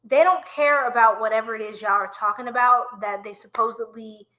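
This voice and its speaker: Reading tarot live for viewers, a woman talks at a brisk pace with a bright, somewhat high voice. Her manner is playful and chatty, with frequent laughter.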